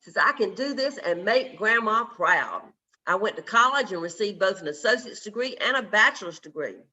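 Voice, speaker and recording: A troubled small-town young man telling his story in earnest, as a preacher reads him out. the voice sits high and sounds very bright and forceful, coming through dull, lo-fi video call audio. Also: lively intonation, normal speed, heavily acted. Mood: hopeful. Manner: earnest first-person storytelling.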